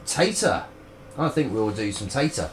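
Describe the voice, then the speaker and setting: A man's voice: lowish voice, expressive, normal speed, a little mellow, a little hiss or hum. A man, chatting and rambling in a joking way while streaming a video game live. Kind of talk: casual live-stream gameplay chat.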